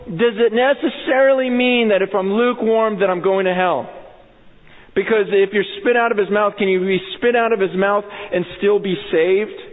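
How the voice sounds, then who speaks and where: A man preaching a sermon as pastor, intense and urgent, often stammering and restarting as he acts out quoted voices. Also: high voice. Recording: phone-like sound in a reverberant hall.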